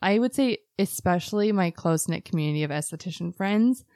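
A woman co-hosting a casual podcast, talking in a relaxed way with many fillers and frequent laughs. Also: fairly low pitch, brisk, no room sound, studio quality. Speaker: podcast co-host, esthetician.

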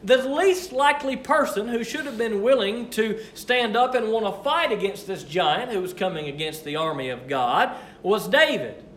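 Lively high-voiced man teaching scripture. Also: normal speed, hardly any pauses. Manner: expressive, conversational, with fillers. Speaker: Bible teacher. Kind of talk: Bible study teaching. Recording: echoey room, faint noise.

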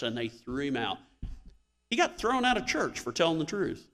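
A man's voice: on the high side, very animated, normal speed, a bit bright, big-room sound. A male pastor preaching a sermon in a church, telling stories with emphatic swells of emphasis.

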